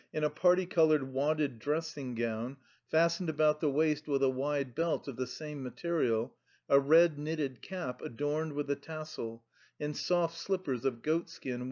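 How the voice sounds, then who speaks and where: A man reads an audiobook aloud in a slow, measured way. His voice sits a little high for a man. The recording has a dull, lo-fi sound. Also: a little mellow. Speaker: audiobook narrator. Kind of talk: scripted audiobook narration.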